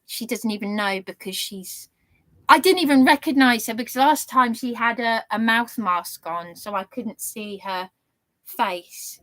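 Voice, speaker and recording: A woman's voice: on the high side, a little slow, bright, forceful tone, no room sound. A woman vlogging an indignant, ranting monologue with sarcastic jabs. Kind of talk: angry monologue to camera.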